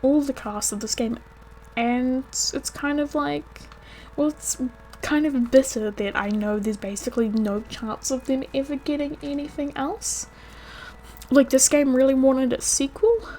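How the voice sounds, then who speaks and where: A woman's voice: high-pitched, unhurried, mellow, slight background noise. A woman streaming a video game who chats casually and laughs often. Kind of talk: casual gameplay commentary.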